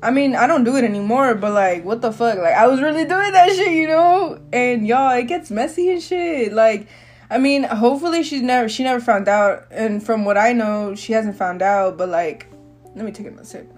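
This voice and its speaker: A young woman with a fairly high voice chats loosely and candidly on her solo podcast. She rambles through a story in heavy slang and laughs often. Soft music plays faintly behind her. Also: normal speed. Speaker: podcast host. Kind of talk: casual solo podcast chat.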